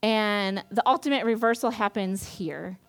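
A woman's voice: mid-range voice, a little slow. A young woman giving a casual sermon, retelling a Bible story in a chatty, playful way with lots of fillers. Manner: chatty, playful, acts out quoted characters. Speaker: campus ministry staff speaker.

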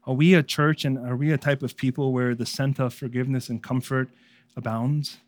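A man preaching a sermon as pastor, speaking conversationally and moving between raised emphasis and hushed earnestness. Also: mid-range voice, little pitch movement, fairly quick, no echo.

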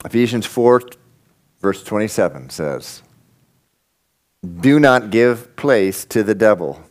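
A man preaching a sermon, reading scripture and swinging between loud emphatic bursts and quiet, intense asides. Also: lowish voice, expressive, slow. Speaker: pastor.

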